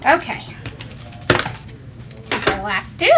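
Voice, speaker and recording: A woman's voice: on the high side, lively intonation, slow pace, very noisy. A woman hosting a casual craft tutorial at home, chatty and homey, talking to her viewers and her dog. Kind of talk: casual how-to demonstration.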